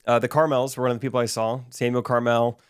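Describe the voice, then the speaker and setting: A man chats casually on a podcast, winding through a story with frequent fillers and asides. His voice sits at an ordinary middle pitch. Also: level tone, quick pace, smooth, no echo, clean studio sound. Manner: rambling storyteller, lots of fillers and laughs. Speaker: podcast co-host. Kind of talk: casual chat.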